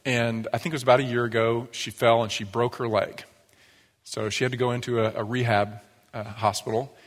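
A pastor giving a sermon, telling stories in a lively, conversational way. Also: male voice, mid-range voice, brisk. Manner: storytelling, animated, acts out quoted voices. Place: church sanctuary. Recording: long church reverb.

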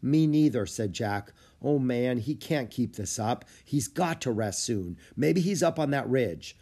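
A man's voice: mid-range voice, animated, measured pace, mellow, slightly rough. A man voicing a cautious young boy, earnest and urgent.

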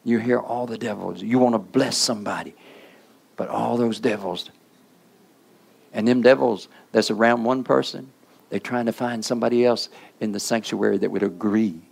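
Gravelly-voiced man preaching a sermon. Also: fairly low pitch, fairly even intonation, moderate pace, a little mellow. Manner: call-and-response asides to the congregation.

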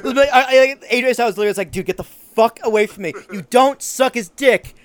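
A young man with a strikingly high voice, chatting on a casual podcast. He is brash and crude, cracking loud jokes and cutting in with his opinions. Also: fast talker. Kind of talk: casual chat.

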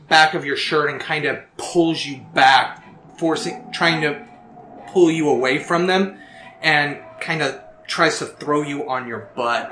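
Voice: mid-range voice, bright, forceful tone, slight background noise. A storyteller narrating a tabletop role-playing game in a descriptive, matter-of-fact way, recorded with a roomy echo.

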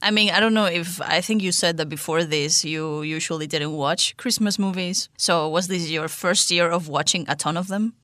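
A woman's voice: fairly low pitch, normal speed, few pauses, fairly bright tone, dry recording, clean studio sound. A woman hosting a radio show, chatting in an upbeat, casual way.

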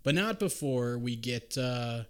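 A young man chats loosely about a film with his co-host, swearing freely and cracking jokes. His voice is mid-pitched and ordinary, and he rambles between thoughts with plenty of filler. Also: animated, takes it slowly, clear, resonant tone. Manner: profane, rambling, jokey. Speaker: podcast co-host. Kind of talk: casual chat recapping a film.

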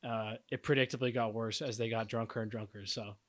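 A man's voice: fairly low pitch, steady tone, brisk. Man, podcast co-host, casual rambling chat, lots of fillers. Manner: rambling, many fillers and restarts.

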